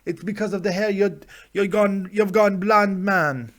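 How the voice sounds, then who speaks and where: A man doing a brash, loud mock-Jamaican hype man who barks out his lines well above his usual pitch. He's boastful and calls everyone boy, as a vlogger puts him on. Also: a little slow. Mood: boisterous swagger. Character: swaggering man with a put-on Jamaican patter.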